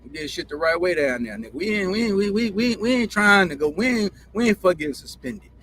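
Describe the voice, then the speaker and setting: A man's voice: sits high, lively intonation, fairly quick, a bit bright, slight background noise. A man with a Southern country drawl hosting his own show, telling stories in a rambling, profane monologue and repeating himself. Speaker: show host. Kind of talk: casual storytelling monologue.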